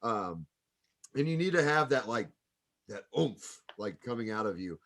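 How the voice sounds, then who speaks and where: Low-voiced man giving casual feedback. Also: moderate pace. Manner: relaxed, rambling, full of fillers like "like". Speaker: wrestling coach. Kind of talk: casual critique.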